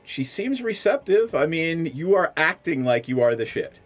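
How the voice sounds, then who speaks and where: A man acting as dungeon master for a tabletop game, laid-back, laughing often and pausing on fillers. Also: a little high, very animated.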